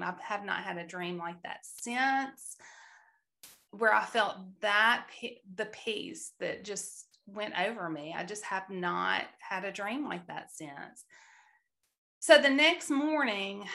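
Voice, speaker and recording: A woman's voice: medium pitch, gravelly, bright, forceful tone. A woman in earnest storytelling mode, sharing a personal testimony of faith with some restarts.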